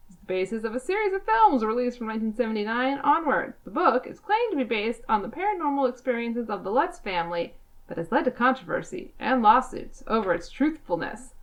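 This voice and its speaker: A woman's voice: a little high, very animated, brisk, low-quality recording. Chatty woman podcast co-host. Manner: chatty and self-deprecating. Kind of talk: casual podcast chat.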